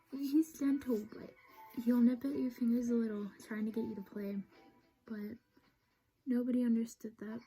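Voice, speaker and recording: Soft, slow young woman, dark-toned. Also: on the high side, poor audio. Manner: soft, halting, often whispered. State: sad, emotional. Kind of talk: personal storytelling.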